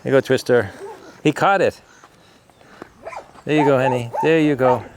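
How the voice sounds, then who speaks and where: A man talks to rescue dogs in a coaxing, affectionate way and now and then explains things to the camera. He is recorded outdoors at a sanctuary. Steady background noise and barking come through. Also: mid-range voice, normal speed. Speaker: animal rescuer. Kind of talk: casual talk to dogs and camera.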